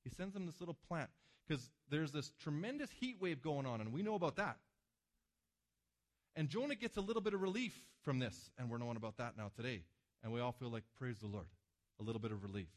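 A man preaching a sermon to a congregation, with emphatic swings between loud passages and hushed ones. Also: medium pitch, animated, fast. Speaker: pastor. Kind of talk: sermon with slides.

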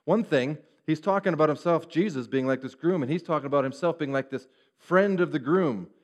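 A man preaching a sermon, animated and acting out the voices of the people he quotes. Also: fairly high pitch, fairly quick. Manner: animated, acts out quoted speech. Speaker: pastor. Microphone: referring to a screen, preaching to a congregation.

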